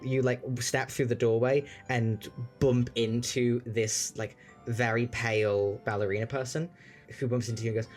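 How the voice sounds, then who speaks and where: A man's voice: medium pitch, little pitch movement, normal speed, a little mellow. Guy gm'ing a tabletop game, loose rambly narration, faint music behind. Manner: loose, hesitant narration with many "like"s and "sort of"s. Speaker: game master.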